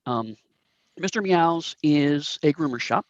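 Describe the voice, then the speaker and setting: A man's voice: on the high side, expressive, takes it slowly, no echo, dull audio. A man narrating a tabletop game as game master, rambling with many fillers and restarts.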